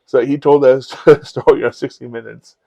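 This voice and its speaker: A man on a podcast telling personal stories in a candid, profane, animated way. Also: mid-range voice, normal speed, vocal fry, dry recording, lo-fi sound. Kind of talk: casual storytelling chat.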